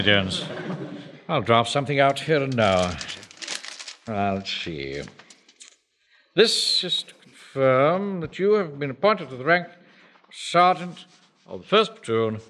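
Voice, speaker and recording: A pompous, self-important bank manager in a period sitcom. His voice is bright and forceful, rising and falling a lot as he gives orders. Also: mid-range voice, sing-song, a little slow, pauses often. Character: pompous middle-aged male bank manager and platoon officer.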